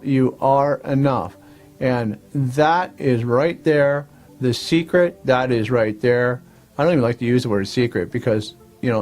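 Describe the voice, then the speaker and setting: A man's voice: mid-range voice, darkish tone. Coaxing man giving a self-help talk. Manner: coaxing, repetitive, checks in with "all right?". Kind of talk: motivational talk to camera.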